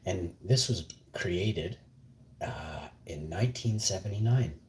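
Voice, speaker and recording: A sleepy man rambling on a casual live stream from home, his speech drifting into mumbles and near-whispers. His voice sits fairly low and sounds mellow and warm. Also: animated, takes it slowly, reverberant, slight background noise. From Canada.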